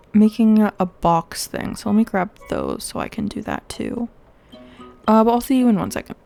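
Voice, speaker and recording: A young woman talks through her video game in a relaxed, rambling way. Her voice sounds stuffy and congested from sniffling, and she keeps thinking aloud as she decides where things go. Soft game music plays faintly behind her. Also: on the high side. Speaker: gaming video host. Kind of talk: casual gameplay commentary.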